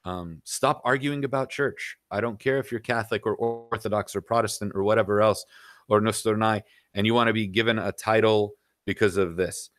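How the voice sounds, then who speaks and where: Podcast guest, man, middle-aged, low and dry, blunt and rambling, casual. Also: brisk, a bit bright, no echo. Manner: blunt, rambling, frequent "you know". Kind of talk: casual opinionated chat.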